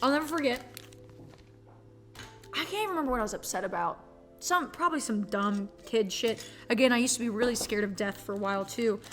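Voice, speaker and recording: A woman's voice: on the high side, brisk, fairly bright tone, soft background music. A young woman streamer chatting casually while playing a game, swearing freely and rambling through stories.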